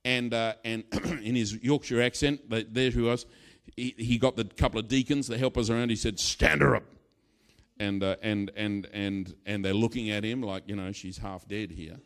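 Male preacher, middle-aged, lively sermon storytelling, acts out lines loudly. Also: fairly low pitch, normal speed, clear, resonant tone. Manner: storytelling, animated, acts out quotes with sudden loud bursts.

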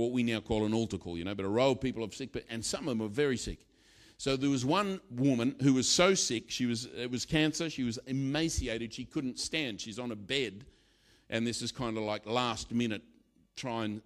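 A middle-aged man preaching a sermon, telling a story with animated delivery and sudden loud bursts. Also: medium pitch, fairly quick.

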